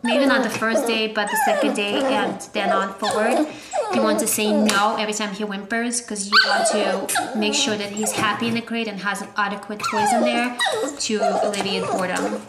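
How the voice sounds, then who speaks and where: A woman at home calmly explaining, step by step, how she crate-trains her new puppy, in a casual how-to manner. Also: medium pitch, moderate pace. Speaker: vlogger, new puppy owner. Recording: roomy echo, faint background noise.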